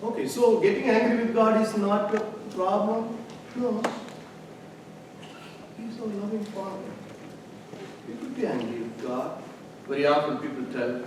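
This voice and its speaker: A male pastor giving a conversational sermon, shifting between quiet storytelling and loud, emphatic passages. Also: sits high, unhurried, long pauses. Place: church sanctuary. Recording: echoey church from a distant mic with noise.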